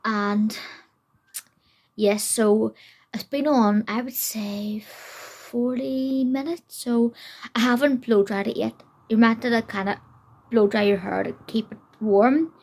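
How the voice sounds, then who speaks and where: This young beauty vlogger has a gravelly, mid-range voice. Talking casually at home, she rambles on in a self-deprecating way, packing her speech with fillers.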